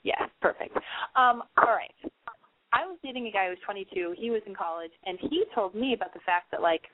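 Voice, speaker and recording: A young woman hosts a call-in advice show in a blunt, profane, rambling way. Her voice is thin and tinny, like a phone line, and completely dry. Her pitch sits in the middle for a woman. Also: animated, fairly quick, no echo. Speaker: call-in radio advice host.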